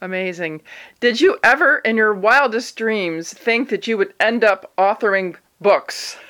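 A woman's voice: mid-range voice, a little slow, fairly bright tone. A woman interviewing a guest, asking questions and exclaiming her reactions.

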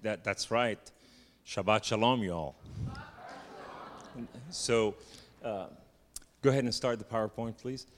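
Lebanese-accented preacher in reverberant hall. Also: male voice, on the low side. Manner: halting, joking, repeats fillers like "and so therefore". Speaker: guest preacher. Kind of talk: sermon. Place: church sanctuary.

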